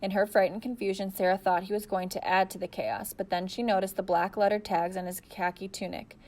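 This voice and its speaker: Woman audiobook reader, steady storytelling, mid pitch. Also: a little fast. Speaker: audiobook narrator. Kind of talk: audiobook narration.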